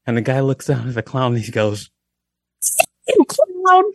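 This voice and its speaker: A man's voice: mid-range voice, fairly even intonation, fast talker, vocal fry, darkish tone, no echo. A man, a guest comedian, telling a long joke casually, restarting lines and checking in with "okay?".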